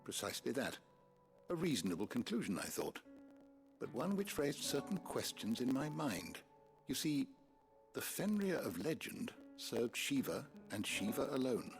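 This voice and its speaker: An actor playing a courteous, learned male lawsman in a video game, speaking in a measured, formal way. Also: medium pitch, very animated. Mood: thoughtful. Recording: video game audio with music.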